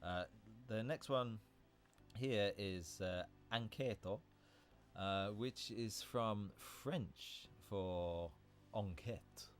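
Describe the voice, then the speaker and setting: A man's voice: on the low side, very slow. A man hosting a casual livestream, explaining English vocabulary in a chatty way, often correcting himself and laughing at his own slips.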